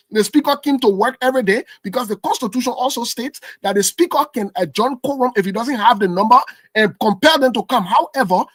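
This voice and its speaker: A man's voice: extremely high pitch, no room sound. A man, arguing a constitutional point in a heated political debate and insisting on finishing his point. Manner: insistent, holds the floor with repeated no's. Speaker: political commentator.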